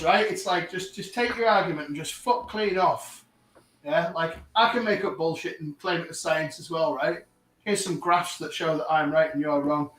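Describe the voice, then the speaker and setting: A man's voice: fairly high pitch, moderate pace, distant mic. Ranting man on a roomy call. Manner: animated ranting, laughing at his own story. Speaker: panel guest. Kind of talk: casual online panel chat. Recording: roomy echo, from the mic.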